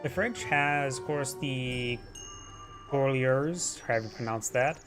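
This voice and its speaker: A man's voice: medium pitch, moderate pace. Casual male game caster over music. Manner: rambling, stumbles over unit names. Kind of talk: casual replay commentary.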